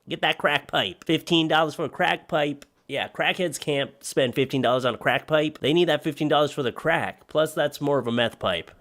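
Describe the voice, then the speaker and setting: Deadpan sarcastic male narrator. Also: mid-range voice. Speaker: video narrator reading posts. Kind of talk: comedic narration.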